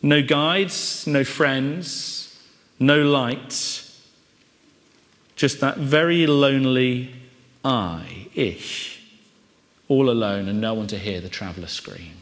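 A male preacher delivers a sermon at an unhurried, measured pace. He stacks up rhetorical questions for dramatic effect. His voice rings out with a long reverb, as if filling a large church hall. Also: mid-range voice, fairly bright tone.

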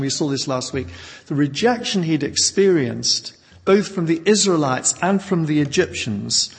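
A man delivering a measured, emphatic sermon, stressing single words to drive each point home. His slightly high voice carries a gravelly edge. The sound rings with the long reverb of a church hall. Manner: measured, emphatic teaching with pauses. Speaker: preacher.

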